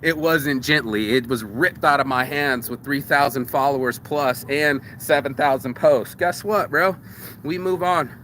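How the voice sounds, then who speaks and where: A man hosting a casual motivational monologue, rambling and profane, with wide swings in pitch for emphasis. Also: unhurried, sharp tone, a little hiss or hum. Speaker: host.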